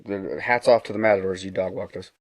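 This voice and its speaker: A man's voice: steady tone, fast, dry recording. A middle-aged man telling a personal story in a casual, earnest way, acting out the dialogue and often restarting his phrases. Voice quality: low gravelly voice.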